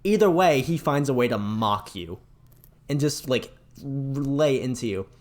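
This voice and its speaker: Animated man retelling game scenes. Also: medium pitch, measured pace. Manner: animated retelling, acts out villain lines with mocking voices. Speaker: podcast co-host. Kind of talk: casual chat about video games.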